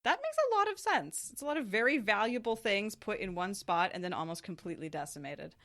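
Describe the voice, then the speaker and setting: A woman's voice: medium pitch, animated, fairly quick, a bit bright. A woman co-hosting a casual book podcast, making wry, sarcastic asides. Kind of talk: casual book discussion chat.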